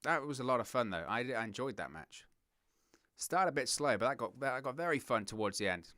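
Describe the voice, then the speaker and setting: Bright, crisp Englishman calling wrestling. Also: mid-range voice, fairly quick, dry recording, clean studio sound. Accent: southern English. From England. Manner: excitable play-by-play, giggles at puns, reads chat. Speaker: watch-along host. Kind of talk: live wrestling commentary.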